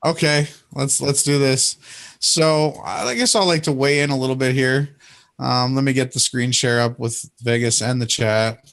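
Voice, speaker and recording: A man's voice: mid-range voice, normal speed, a bit bright. A man hosting a casual livestream, indignant and mocking, rambling through his points. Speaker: host.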